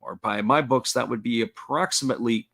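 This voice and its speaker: A man giving live baseball play-by-play commentary, folksy and steady, reading out chat messages between pitches. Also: a little fast, vocal fry.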